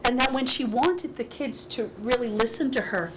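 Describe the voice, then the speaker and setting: A woman leading a parenting workshop, talking to parents in a lively, laughing way and often acting out little dialogues. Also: a little high, moderate pace. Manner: animated, laughing, acts out dialogues. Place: school workshop room. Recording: heavy hiss with clicks, 2000s local TV.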